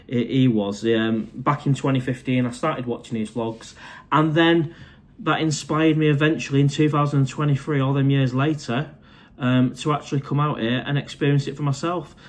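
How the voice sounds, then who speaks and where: Man, live stream host, casual, chatty, mid-pitched voice, friendly banter. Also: fairly even intonation, moderate pace. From England. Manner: chatty, friendly, calls everyone mate. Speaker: live stream host reading viewer comments. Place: condo.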